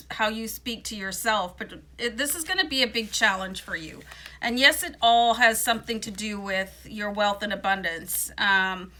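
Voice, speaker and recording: Woman tarot reader, bright forceful tone, slight morning voice, talks in a loose, reassuring way. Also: on the high side. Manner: chatty, reassuring, many fillers. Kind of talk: casual tarot card reading.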